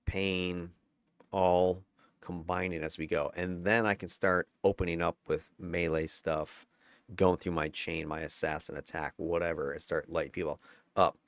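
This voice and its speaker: A man's voice: low-pitched, little pitch movement, a little slow, no echo, clean studio sound. A man giving a casual, candid breakdown of his own gameplay footage, chatty and given to chuckles and mild swearing. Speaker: gameplay commentator.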